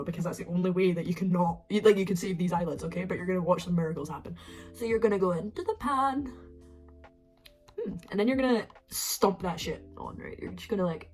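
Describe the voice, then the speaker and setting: A woman with a Scottish accent giving a chaotic, sweary makeup tutorial at home, with sudden soft muttered asides. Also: mid-range voice. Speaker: beauty vlogger. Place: her flat at home.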